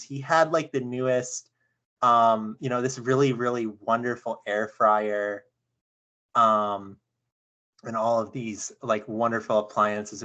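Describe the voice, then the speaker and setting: A young woman earnestly retelling a dream on a video call, halting, with many fillers and restarts. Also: rumbling low, a bit bright. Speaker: session participant.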